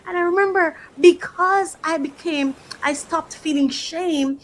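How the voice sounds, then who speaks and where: Woman, high-pitched voice, faith coach, emotional motivational talk, repeats phrases. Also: unhurried, few pauses, fairly bright tone, poor audio. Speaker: faith-based life coach.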